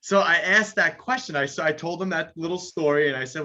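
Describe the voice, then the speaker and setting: A man chatting casually on a podcast, telling a quick anecdote with plenty of fillers. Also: a little high, fairly even intonation, sharp tone, lo-fi sound.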